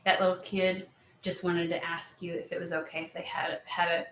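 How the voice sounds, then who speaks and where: A woman's voice: lowish voice, flat delivery, brisk, fairly bright tone, echoey room, a little hiss or hum. A woman giving a casual tarot reading, chatty and emphatic, who swears now and then. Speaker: tarot reader.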